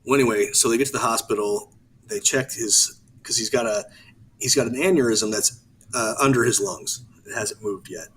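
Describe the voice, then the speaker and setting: A man co-hosting a podcast, rambling in casual chat with many halting restarts. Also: medium pitch, fairly bright tone, a little hiss or hum, low-quality recording. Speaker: podcast co-host.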